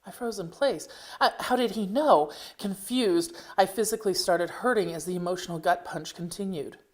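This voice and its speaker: A woman reading her own personal memoir aloud in a measured way, with occasional wry asides. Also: on the low side.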